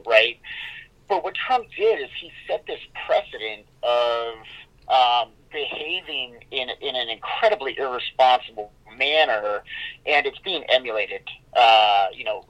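A man of medium pitch talks as an interview guest, halting and full of restarts and fillers. His voice comes through dull, lo-fi podcast audio. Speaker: interview guest, organization founder. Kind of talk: conversational interview.

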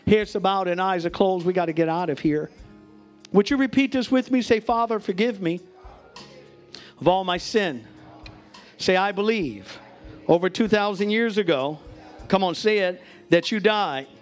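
A man preaching from the pulpit with a very high, ringing voice. He has the congregation repeat his declarations line by line, slowing down and building to shouts of faith. Soft music plays behind him. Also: expressive. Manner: joking asides to the congregation. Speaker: bishop preaching. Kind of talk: sermon. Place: church sanctuary.

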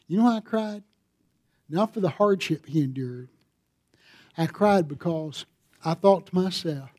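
A pastor preaching a sermon, telling a story and building to emphatic appeals. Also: male voice, fairly high pitch, normal speed, pauses often, mellow, no echo, clean studio sound.

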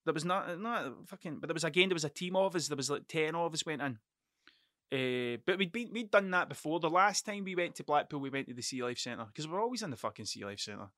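Sweary, animated Scottish man. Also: on the high side, quick pace, dry recording, studio quality. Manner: sweary, animated, laughs often. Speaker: podcast host. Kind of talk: casual anecdotal storytelling.

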